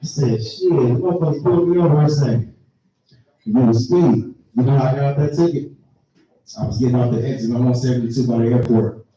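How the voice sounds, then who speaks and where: A man's voice: medium pitch, brisk, dark tone, recorded from a distance. A man telling a laid-back, rambling, raunchy stand-up story on a comedy venue stage. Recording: echoey live room, mic from afar.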